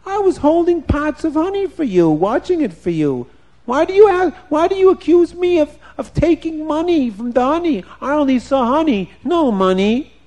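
A man's voice: extremely high pitch, animated, moderate pace, a little mellow, voice pushed up. A man voicing a sly male thief who protests his innocence in a raised, wheedling voice. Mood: protesting innocence.

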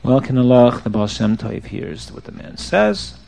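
A man telling a story to children, animated and checking that his young listeners are following along. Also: medium pitch, normal speed, vocal fry.

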